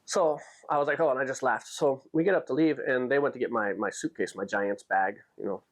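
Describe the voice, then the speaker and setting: A man's voice: medium pitch, a little fast. A man casually telling a story to camera, animatedly acting out the dialogue. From United States. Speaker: vlogger.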